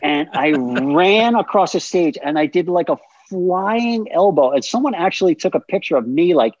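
A man in his fifties, a podcast guest, telling stories in a lively, profane way and acting out the scenes. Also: a little high, moderate pace, dry recording, lo-fi sound. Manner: animated, profane, acts out scenes. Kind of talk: casual storytelling.

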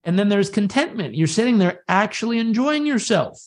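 Guy on a live video chat, fairly high voice, tells stories with lots of energy and does little voices for people. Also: fairly quick. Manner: animated storyteller who acts out voices in quotes. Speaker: guest, personal coach. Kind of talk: conversational coaching talk. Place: live social media video conversation.

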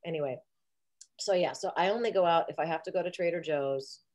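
A woman's voice: lowish voice, brisk, darkish tone. A woman guest on a video call, talking casually in a rambling, jokey, theatrical way. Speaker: interview guest.

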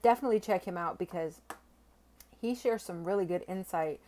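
A young woman vlogging a casual unboxing, gushing and excitable, stammering and swearing when she is overwhelmed. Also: lowish voice, brisk. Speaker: silver-stacking vlogger.

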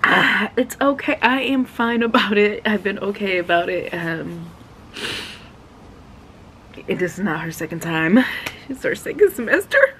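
A woman's voice: mid-range voice, expressive, measured pace, long pauses, a bit bright, slight background noise. Emotional woman vlogging at home. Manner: emotional, talks straight to viewers with southern "y'all". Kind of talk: casual vlog chat.

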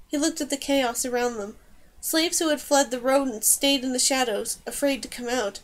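A woman narrates a fantasy audiobook in a steady, even storytelling voice. Her voice sits notably high. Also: normal speed. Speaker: audiobook reader. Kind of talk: scripted narration.

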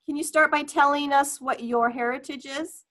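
A woman's voice: high voice, fairly even intonation, moderate pace, fairly bright tone. A woman co-hosting a radio talk show, chatty and upbeat, laughing easily. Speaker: radio co-host. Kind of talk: casual radio chat.

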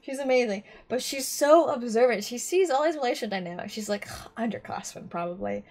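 A woman's voice: high-pitched, animated, brisk, darkish tone. A woman giving casual reaction commentary on an anime, talking in a rambling, chatty way with lots of restarts.

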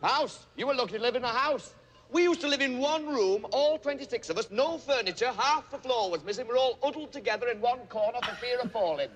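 A man's voice: very high-pitched, brisk, a bit bright. A dry one-upping old Yorkshireman. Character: older Yorkshire man topping tales of hardship.

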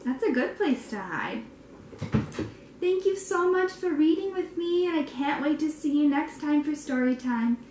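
A woman's voice: sits high, animated, normal speed, darkish tone, echoey room, slight background noise. A woman preschool teacher reading a picture book aloud to young children, asking them encouraging questions along the way.

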